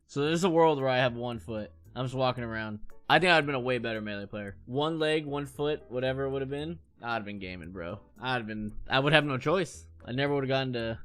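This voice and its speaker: A man's voice: mid-range voice, quick pace, few pauses, fairly bright tone, clear, resonant tone. A man in his late thirties, a streamer telling crude, rambling stories from his childhood to his chat and laughing along as he goes. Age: 30s. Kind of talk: casual storytelling chat.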